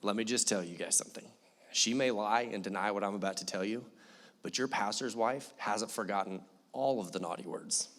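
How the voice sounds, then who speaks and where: A young male pastor giving a sermon in a church, telling a story in an animated, joking manner. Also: on the low side, fairly quick, in a large hall. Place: church hall.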